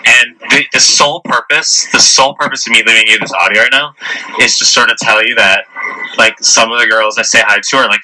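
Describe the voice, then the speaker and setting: A man talks in a deep, low register with a very bright, cutting edge to his tone. He rambles casually through a voice message, swearing freely and leaning on filler words. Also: low-quality recording. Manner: profane, rambling, heavy use of filler words. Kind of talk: casual storytelling.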